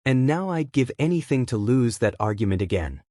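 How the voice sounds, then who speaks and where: A man putting on a shattered young husband who keeps asking where he went wrong, his words halting and pleading. The voice stays in a middling register with a dry, close sound. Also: medium pitch, very animated, dark tone, no echo, lightly acted. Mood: bewildered. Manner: halting, pleading, questioning himself. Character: heartbroken young husband, bewildered and self-blaming.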